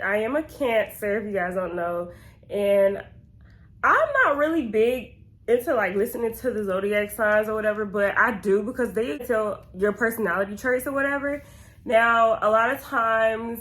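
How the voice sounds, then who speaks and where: A woman's voice: medium pitch, a bit bright. A woman, talking to her viewers in a candid, slangy get-to-know-me Q&A. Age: 20s. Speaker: vlogger.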